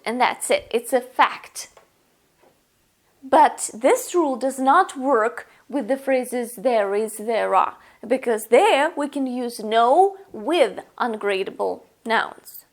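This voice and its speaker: Woman, native Russian speaker, grammar teacher, slow deliberate delivery, slightly high voice. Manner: careful, deliberate, reads out example sentences. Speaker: language teacher. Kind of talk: slow explanatory grammar lesson.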